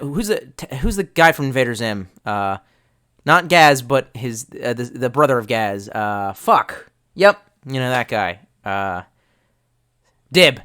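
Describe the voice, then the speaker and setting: In rambling, casual stream chat, a young man swears often and keeps trailing off and starting over while reading messages. He has a mid-range, bright, forceful voice that sounds smooth.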